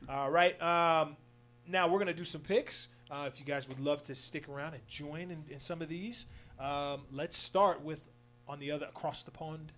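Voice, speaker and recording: A man's voice: on the high side, steady tone, moderate pace, a bit bright. A man hosting a casual radio sports show, upbeat and loose, with lots of fillers. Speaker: sports talk show host.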